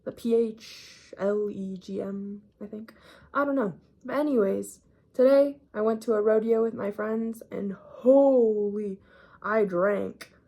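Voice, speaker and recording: A woman's voice: medium pitch, slow pace, dull audio. An eighteen-year-old woman talking through her day in a casual, slangy, rambling vlog, a little sick with a cough. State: mildly sick, coughing up phlegm. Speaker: vlogger.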